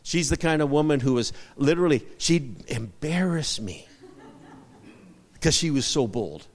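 A man's voice: on the high side, expressive, normal speed, long reverb tail. A male pastor preaching a sermon, repeating short emphatic phrases and asking the congregation for amens.

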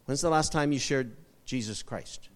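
A man's voice: mid-range voice, moderate pace, long reverb tail. A male pastor preaching a sermon, repeating short emphatic phrases and asking the congregation for amens.

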